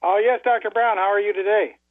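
A man's voice: high-pitched, fairly even intonation, fairly quick, no echo. Hesitant male caller on a phone line. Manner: hesitant, many fillers. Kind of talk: phone-in call.

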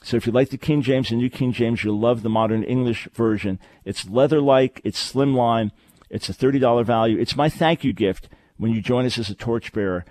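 A man's voice: medium pitch, brisk, darkish tone, no room sound. A male radio talk show host who speaks earnestly and with emphasis, often repeating his phrases to drive them home. His voice sits in an ordinary middle range and sounds close and dry, with no room around it. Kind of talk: call-in radio advice and announcements.

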